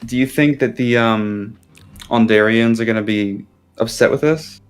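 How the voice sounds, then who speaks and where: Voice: mid-range voice, unhurried, clear, resonant tone. A player in a tabletop game, talking casually and hesitantly.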